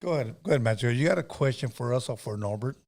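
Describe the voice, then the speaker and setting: A man's voice: mid-range voice, animated, racing, creaky, noisy background. A man hosting a casual talk show, joking and laid-back with a caller. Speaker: host. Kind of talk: casual chat.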